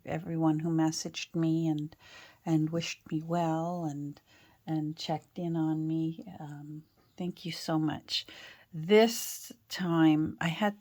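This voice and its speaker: A middle-aged woman from Canada chatting casually with lots of fillers and restarts while she works on a craft project in her home studio. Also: sits low. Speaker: craft vlogger.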